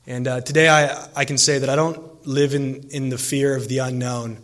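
A man's voice: mid-range voice, flat delivery, normal speed, a bit bright. A man in recovery telling his personal story to a gathering, earnest and emotional, with many fillers and restarts. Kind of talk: personal testimony speech.

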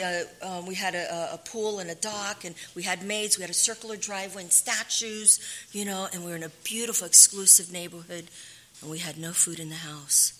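A middle-aged woman telling her own recovery story in a candid, halting way, often dropping to a hushed whisper. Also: on the low side, a little hiss or hum. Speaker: recovery speaker. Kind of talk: personal testimony.

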